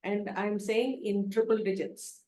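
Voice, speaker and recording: A woman leading an online chanting class, chanting verses slowly syllable by syllable for students to repeat and explaining them in a calm teaching manner. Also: medium pitch, roomy sound. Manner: slow, deliberate syllable-by-syllable chanting for repetition. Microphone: video call.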